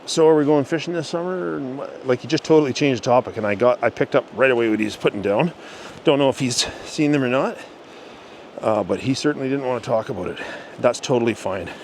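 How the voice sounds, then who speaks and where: A middle-aged man talking casually to the camera while walking through a forest, easygoing and halting with many restarts. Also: mid-range voice. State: out of breath. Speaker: channel host. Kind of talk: casual rambling talk to camera. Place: outdoors in a forest by a river, walking uphill. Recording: outdoor recording with steady background noise.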